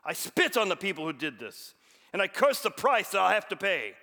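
A man putting on a mock Russian accent to play a stern Soviet official, loud and commanding. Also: high voice, very animated, moderate pace, pitched above the performer's own voice, exaggerated voice. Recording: long hall reverb.

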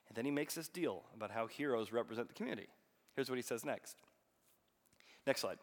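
A man preaching a sermon, telling a story and reading scripture aloud with bursts of loud emphasis. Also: medium pitch, fairly quick. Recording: long hall reverb.

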